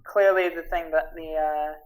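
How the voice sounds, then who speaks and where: A woman's voice: low voice, steady tone, a little slow. A woman playing a tabletop game, describing her character with giggles, self-deprecation and trailing sentences. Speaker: player. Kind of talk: casual tabletop play.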